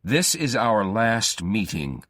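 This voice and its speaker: A man's voice: on the low side, very animated, slow, fairly bright tone, dry recording, studio quality, full character voice. A man reading a story aloud, voicing a tense, guilt-ridden young architect who answers curtly.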